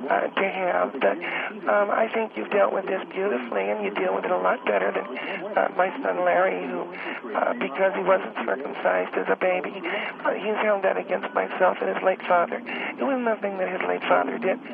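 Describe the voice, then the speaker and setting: Fry-heavy older-lady caller, put on by a man: motherly, meandering, on a tinny phone line. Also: sits high, level tone, a loud crowd. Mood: soothing. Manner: halting, gentle, meandering. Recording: tinny phone line with loud background noise.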